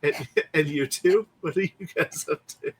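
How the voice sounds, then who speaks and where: A man running a tabletop game as game master, easygoing and quick to laugh. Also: a little high, slight background noise.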